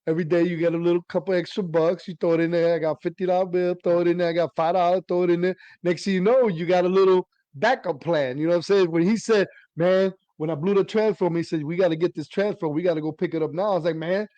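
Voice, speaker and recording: A middle-aged man, telling hobby stories in an animated, laughing casual chat. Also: high-pitched, fast, hardly any pauses, no echo, highs cut off. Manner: animated storytelling, laughs while talking. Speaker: radio hobbyist guest.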